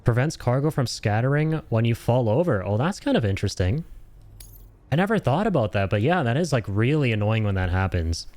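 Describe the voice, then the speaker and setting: A man's voice: mid-range voice, very animated, fairly quick, a little mellow, no room sound. A young man casually commentating his gameplay on stream, chatty and enthusiastic, reading menu text aloud. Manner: chatty, enthusiastic, laughs often.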